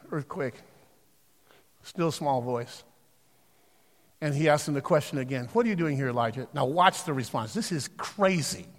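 A preacher with a high voice, his words trailing off into a long hall echo. He moves from rousing, shouted calls to the congregation to hushed, measured scripture reading. The sound is of a sanctuary during a sermon. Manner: swings between shouted exhortation and quiet scripture reading. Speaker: pastor. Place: church sanctuary.

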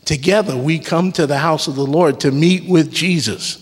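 Husky and fairly high, a preacher's voice runs at normal speed with hardly any pauses. He is a worship leader in a church sanctuary delivering an emphatic sermon with call-and-response and casual jokes, recorded with long church-hall reverb.

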